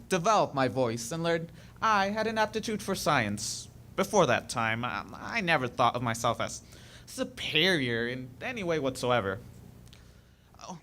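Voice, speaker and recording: A man plays a self-assured young man who lectures a shy girl about her confidence in a stage monologue. His voice rides a lively, slightly raised pitch with an earnest, faintly boastful push. A faint hiss of noise lies underneath.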